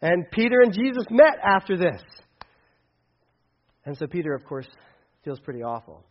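A male pastor giving a casual, conversational sermon that acts out dialogue with big swings in loudness. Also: high-pitched, big pitch swings, moderate pace, lo-fi sound.

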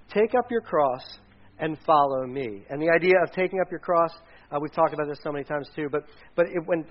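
A man, a pastor, giving a casual, conversational sermon, rambling with restarts and side stories. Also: fairly high pitch. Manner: chatty, rambling with restarts and asides. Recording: dull lo-fi recording.

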